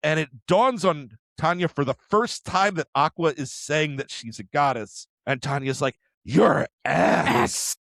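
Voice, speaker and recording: A man co-hosting an anime podcast, retelling episodes in an animated way with quick character impressions and frequent laughs. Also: on the high side, dry recording. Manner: laughs often. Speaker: podcast co-host. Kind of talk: casual anime discussion.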